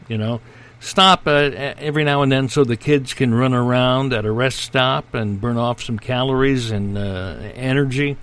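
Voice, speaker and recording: A man hosting a casual news roundup, reading items and adding wry joking asides. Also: medium pitch. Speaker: host.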